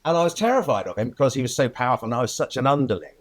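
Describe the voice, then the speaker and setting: An older man tells stories from his career in an interview. His voice sits at a middle pitch, and he talks in a lively way, laughing often and putting on the voices of the people he quotes. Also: racing. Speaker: film editor, guest. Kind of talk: anecdotal interview storytelling.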